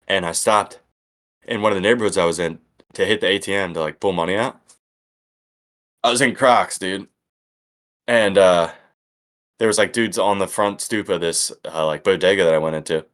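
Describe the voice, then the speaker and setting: A man's voice: normal speed, long pauses. A man co-hosting a comedy podcast, telling stories in a loose, casual way and swearing freely. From Philadelphia area. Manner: laid-back, swears freely, gets loud and high when excited. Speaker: podcast co-host.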